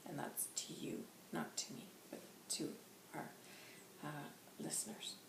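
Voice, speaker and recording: A woman's voice: low-pitched, steady tone, measured pace, creaky, reverberant, whispered. A woman hosting a casual channelled reading, chatty and rambling, with lots of "like". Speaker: host.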